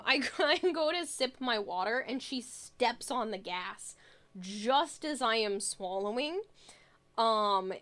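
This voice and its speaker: Woman streamer, kinda high voice, laughs a lot, just chatting and reading chat. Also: a bit bright. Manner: giggly storytelling, reading chat aloud. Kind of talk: casual chat with stream viewers.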